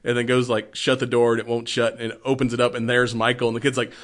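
A man's voice: medium pitch, monotone, fast. A man in casual chat, retelling a movie in a rambling way, laughing often and swearing freely.

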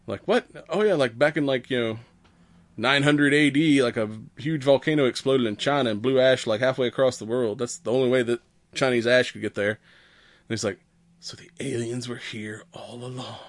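A man's voice: mid-range voice, moderate pace, no room sound. A man on a podcast casually retelling a movie plot, rambling and profane, acting out the characters' lines as he goes. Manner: rambling, profane, acts out quoted characters with laughs. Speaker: podcast host. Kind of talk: casual movie recap chat.

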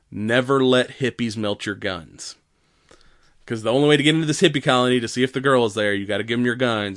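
A man's voice: on the low side, fairly bright tone, no room sound, clean studio sound. A man casually retelling a film's scenes in a podcast chat, laughing often and quoting characters, with plenty of fillers and swearing. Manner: profane, rambling with many fillers. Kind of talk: casual movie recap chat.

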